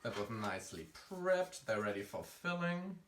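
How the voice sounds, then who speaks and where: A man's voice: lowish voice, big pitch swings, moderate pace. A man as a drag queen hosting a campy home cooking vlog, sassy and full of quips. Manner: sassy, campy quips, calls viewers honey. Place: home kitchen. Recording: echoey room, faint noise.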